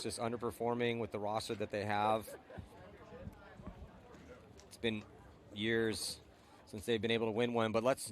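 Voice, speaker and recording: A man's voice: lowish voice, fairly bright tone. Chatty male color commentator. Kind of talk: live sports commentary.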